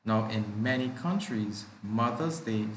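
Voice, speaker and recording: A low-voiced male teacher taking his time over every word and saying each one twice for young learners. His patient explaining rings out in an echoey room. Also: lively intonation, measured pace, slight background noise. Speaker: primary school teacher. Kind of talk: live online class teaching.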